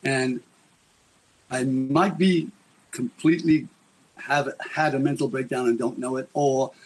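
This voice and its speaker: A man's voice: mid-range voice, fairly even intonation, a little slow. A man being interviewed as a guest, telling a dramatic, rambling story.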